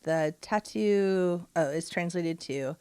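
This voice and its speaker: A woman co-hosting a casual chat podcast, playful and quick to laugh. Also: lowish voice, dark tone, smooth, dry recording. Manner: playful, laughs often, tries silly accents. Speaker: podcast co-host.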